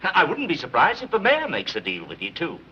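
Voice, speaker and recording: Sarcastic police commissioner, very bright and swooping voice, muffled 1930s sound. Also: male voice, a little high, huge pitch swings, brisk, a little hiss or hum, full character voice. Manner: sarcastic, clipped. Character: sarcastic hard-nosed police commissioner man.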